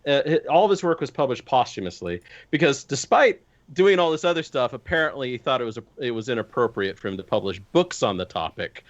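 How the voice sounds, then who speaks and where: A podcast guest man tells wild history in a casual, incredulous chat, swearing freely. His pitch leaps up and down as he talks. The audio is dull and lo-fi. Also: big pitch swings, a little fast, few pauses. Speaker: podcast guest discussing tabletop game lore.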